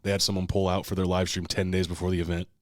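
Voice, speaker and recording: Deep-voiced man telling a story, swearing. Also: rapid-fire, dry recording, clean studio sound. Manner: animated storyteller, swears a lot, shouts out quoted lines. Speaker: podcast host. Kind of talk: casual chat.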